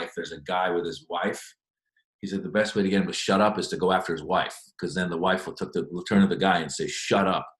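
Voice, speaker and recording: A man, a stand-up comedian, answering interview questions in an animated, chatty storytelling way. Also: deep voice. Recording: echoey room.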